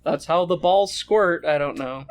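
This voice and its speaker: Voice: medium pitch, a little slow. A podcast co-host recapping a film in a casual, crude and joking way, telling the story animatedly.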